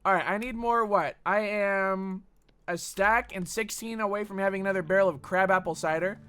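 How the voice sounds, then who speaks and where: A woman's voice: mid-range voice, normal speed, a bit bright, clean tone. A woman streaming a game, chatting casually, teasing and giggling, with frequent swearing. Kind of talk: casual gaming stream chat.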